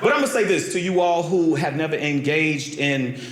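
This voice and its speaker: A man doing a stand-up comedy routine, telling stories animatedly, swinging from loud yelps to low mutters. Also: normal speed. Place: comedy club stage. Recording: roomy live stage sound with crowd. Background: laughing audience.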